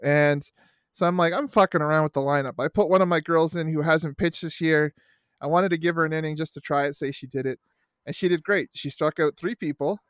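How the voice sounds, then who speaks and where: A man's voice: on the high side, fairly even intonation, fairly quick, clear, resonant tone, no room sound, studio quality. A middle-aged man in casual podcast chat, telling rambling, profane youth-sports stories. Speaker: podcast co-host and youth baseball coach.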